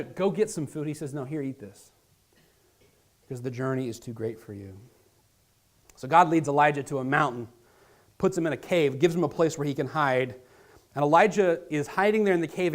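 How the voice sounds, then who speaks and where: A man preaching a sermon as pastor, earnest and dramatic, talking straight to his listeners and swinging between loud emphasis and hushed near-whispers. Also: on the high side. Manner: earnest, direct address to listeners.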